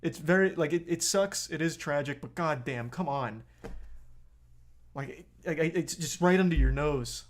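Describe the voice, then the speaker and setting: A man's voice: on the high side, measured pace. A man reacting to a video on a live stream, blunt and profane, getting heated as he talks.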